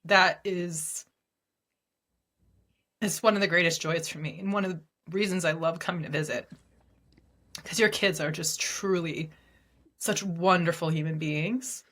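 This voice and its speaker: Female podcast co-host, lower-pitched voice, earnest and encouraging, laughs easily. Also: steady tone, measured pace, long pauses, a bit bright. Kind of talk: casual chat.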